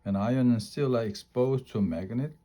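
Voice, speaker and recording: A man's voice: medium pitch, a little fast, warm tone, close to an everyday voice. A man voicing an enthusiastic female science teacher who explains in a classroom lecturing voice, in a read-aloud storybook.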